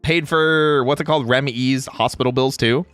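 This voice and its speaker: A man's voice: medium pitch, fairly even intonation, moderate pace, fairly bright tone, clean tone, dry recording, faint music behind. A man chatting casually on a livestream, ranting with lots of swearing and frequent laughter. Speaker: streamer.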